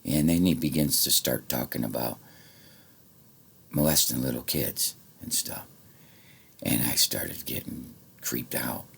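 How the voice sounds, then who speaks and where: A man with an extremely deep voice and a gravelly, husky rasp runs through a rambling monologue for his channel. His talk is full of swearing and lurches between hushed mutters and loud shouts. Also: unhurried, pauses often. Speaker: vlogger.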